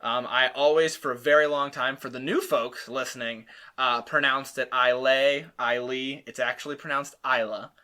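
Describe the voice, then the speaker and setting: Bright-voiced man hosting a casual chat. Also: mid-range voice, steady tone, moderate pace. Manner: explains with many ums, chatty. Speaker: host.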